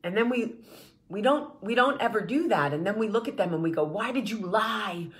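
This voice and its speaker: A woman's voice: medium pitch, expressive, fairly quick. A woman hosting her vlog, giving an impassioned, blunt monologue with swearing and repeated rallying phrases. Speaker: vlog host.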